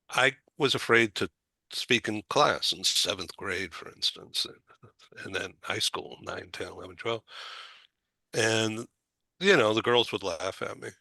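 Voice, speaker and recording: Older guy host, low gravelly voice, talks slow and halting, stumbles a lot. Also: sharp tone, no room sound. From Boston area. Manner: halting, with stutters, fillers and laughs. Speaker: talk show host. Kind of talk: personal storytelling in conversation.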